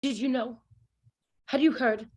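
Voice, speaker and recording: Brief: woman reading a proud, sharp-tongued diva, sarcastic and bitter. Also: sits high, steady tone, unhurried. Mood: tense. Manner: cutting, sarcastic. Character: young female opera singer, proud and jealous. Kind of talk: table-read acting.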